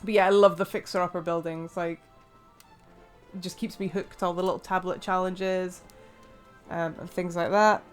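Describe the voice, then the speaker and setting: A woman's voice: fairly low pitch, level tone, normal speed, clear, resonant tone, faint music behind. Chatty English woman playing a game. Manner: chatty, rambling, many fillers and laughs. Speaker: let's play host. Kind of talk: casual gameplay commentary.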